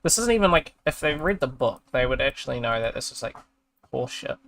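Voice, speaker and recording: A fast-talking streamer with a mid-range, slightly bright voice and lively intonation chats casually while reading a review aloud. He rants in exasperation, swears, and trails off mid-sentence, with slight background noise behind him.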